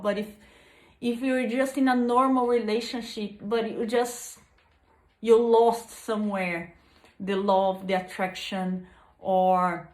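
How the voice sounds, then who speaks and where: Earnest woman pleading in an echoey room. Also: mid-range voice. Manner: earnest, pleading, with many restarts. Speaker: vlogger. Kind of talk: heartfelt motivational talk to camera. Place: at home.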